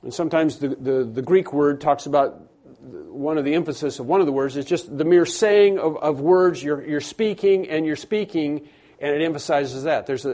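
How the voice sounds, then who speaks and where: Mellow-voiced man preaching a sermon. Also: on the high side. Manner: conversational preaching with repetitions and restarts; rises to emphatic stressed phrases. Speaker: pastor.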